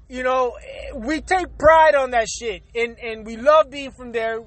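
A man's voice: very high-pitched, normal speed, bright, forceful tone, dry recording. A man from Puerto Rico, a native Spanish speaker with a heavy Puerto Rican accent, rambling bluntly in a casual vlog monologue, repeating words and swearing freely. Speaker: vlogger.

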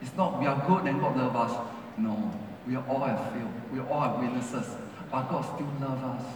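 A man's voice: medium pitch, moderate pace, a little hiss or hum. A man preaching a sermon as pastor in broken English, repeating phrases with rising and falling emphasis. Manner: preaching with non-native English grammar. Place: large church hall. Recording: echoey hall from far off.

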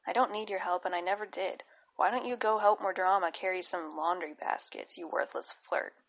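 Proud sharp-tongued young woman hunter, loud forceful lines, put on by a woman narrator. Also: mid-range voice, moderate pace, vocal fry, lo-fi sound. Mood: bitter.

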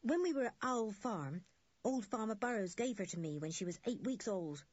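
A friendly young farm boy, voiced by a woman narrator talks cheerfully and proudly. The voice is a little breathy, with a dry, dull recording. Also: medium pitch, animated, normal speed, a little mellow, no room sound, voice pushed up.

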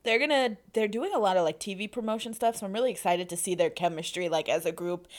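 A young woman co-hosting a podcast, chatting casually and gushing with excitement. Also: mid-range voice, fast talker. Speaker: podcast co-host. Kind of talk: casual chat.

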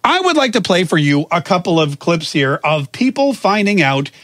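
Man, high lively voice, sarcastic and animated, dry close sound. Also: normal speed, dry recording. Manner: sarcastic, animated, acts out quotes. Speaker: talk show host. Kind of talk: opinion talk show monologue.

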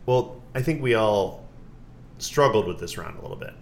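A man's voice: on the low side, lively intonation, moderate pace, a little hiss or hum. A man co-hosting a podcast in casual chat, telling laid-back stories with lots of fillers. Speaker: podcast co-host.

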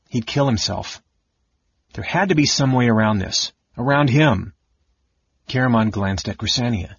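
Homme à la voix grave et voilée. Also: male voice, lowish voice, slightly rough, dry recording, muffled recording. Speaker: narrator. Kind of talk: audiobook reading.

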